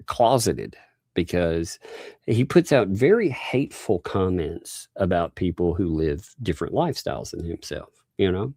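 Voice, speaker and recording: A man's voice: sits low, gravelly, a little mellow, no room sound, studio quality. A male livestream host giving casual, rambling commentary, chuckling often and speaking straight to his chat. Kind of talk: casual live-stream commentary.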